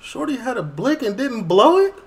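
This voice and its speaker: A young man from Chicago reacting to a music video in loose, slangy talk. His voice has a gravelly fry and swings up and down a lot, and he laughs easily as he comments. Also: very high-pitched, normal speed. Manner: animated, slangy, laughs often. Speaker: reaction channel host.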